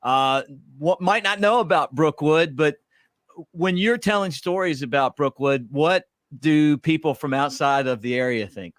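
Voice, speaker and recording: A man's voice: fairly high pitch, a little slow, fairly bright tone, dry recording, clean studio sound. A man hosting a casual interview, asking friendly questions and laughing along with his guest. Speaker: interviewer, show host.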